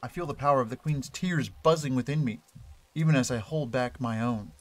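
A man reading the inner thoughts of a calm, young masked wanderer from a game, quiet and reflective. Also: medium pitch, brisk, soft background music, lightly acted.

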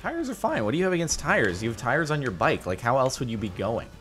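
A man hosting casual gaming commentary, animated and quick to exclaim and laugh. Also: mid-range voice, faint music behind. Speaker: host.

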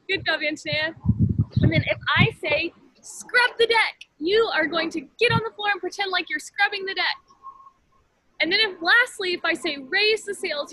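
Very high, bright-voiced woman leading kids. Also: no echo, poor audio. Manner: cheerful, laughing, encouraging. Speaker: children's ministry leader. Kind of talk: explaining game rules to kids.

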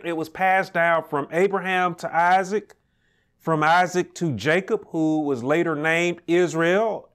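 A man teaching a Sunday school Bible lesson, measured and repetitive, checking in with "right?" as he explains. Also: a little high, smooth. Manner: measured, repeats key points, asks "right?".

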